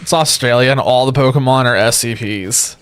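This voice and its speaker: A man's voice: medium pitch, a little fast, fairly bright tone, smooth. An exhausted man streaming from home, rambling and joking in casual chat with his viewers. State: exhausted from lack of sleep. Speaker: livestreamer. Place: home streaming setup with a webcam.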